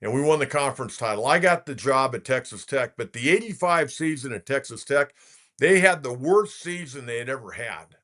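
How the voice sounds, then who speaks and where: Animated and moderately paced, this sports radio host, a Californian in his sixties, has a mid-range, slightly bright voice. He rambles through his stories in a folksy, casual way, leaning heavily on filler "uhs."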